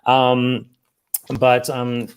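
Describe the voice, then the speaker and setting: A man's voice: mid-range voice, monotone, smooth. A man hosting an online comedy show from home. He rambles and stops often, mocking himself as he goes. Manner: rambling, halting, self-mocking. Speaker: host. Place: home, on a livestream call.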